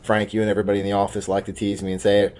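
A man's voice: lowish voice, completely flat delivery, rapid-fire, darkish tone. A man hosting a sports betting podcast in casual chat, brash and joking as he hypes his own picks. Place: studio office.

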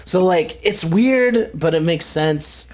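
Higher-pitched man, laid-back and slangy. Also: expressive, slow. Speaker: podcast co-host. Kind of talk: casual chat.

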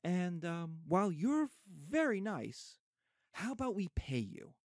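A man's voice: sits high, big pitch swings, takes it slowly, a little mellow, no room sound, clean studio sound, full character voice. A man doing a smarmy, polite neighborhood official. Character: polite condescending white neighborhood representative.

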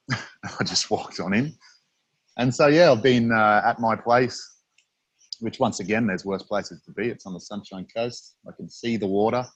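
A man with an Australian accent, speaking as a guest in a relaxed interview. His voice is husky and sits on the low side. He rambles through his stories with plenty of fillers and restarts, and the recording is dry, with no room sound. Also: normal speed, no room sound. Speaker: freediving instructor and interview guest. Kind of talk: casual interview chat.

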